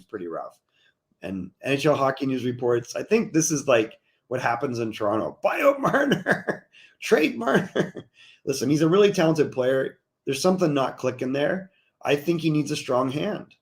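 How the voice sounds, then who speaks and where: Male hockey host, mid-pitch, easygoing and chatty, reads viewer comments. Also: a little mellow. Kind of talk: casual sports talk.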